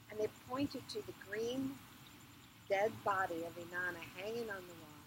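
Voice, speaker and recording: A woman storyteller telling a myth in a slow, repetitive, chant-like way at an outdoor fire circle. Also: mid-range voice, background noise.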